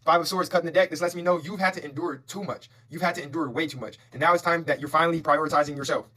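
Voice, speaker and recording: A man's voice: on the high side, pushed and bright. A man giving a motivational tarot reading, fervent and repetitive, preaching affirmations and swearing casually. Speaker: tarot reader.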